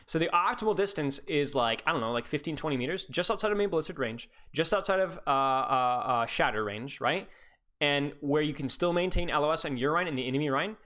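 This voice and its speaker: A man coaching a player through a gameplay review on a live stream, talking fast and rambling, teasing now and then, with many restarts. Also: on the high side, fairly bright tone.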